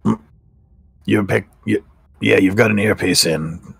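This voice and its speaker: A man playing in a tabletop game, relaxed and inquisitive. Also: fairly low pitch, a little slow, vocal fry, husky, no echo. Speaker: player. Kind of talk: casual tabletop game play.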